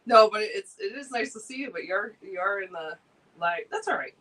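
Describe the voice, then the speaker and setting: Giggly woman on a ball game stream, bright voice, a bit far from the mic. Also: medium pitch, animated, moderate pace. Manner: giggly, teasing, laughs often. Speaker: livestream co-host. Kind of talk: casual chat, reading viewer comments.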